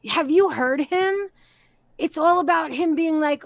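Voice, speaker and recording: A woman hosting a casual livestream chat, excitable and profane, peppering her talk with "yo" and "dude". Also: high voice, slow pace. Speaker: streamer hosting a reaction stream.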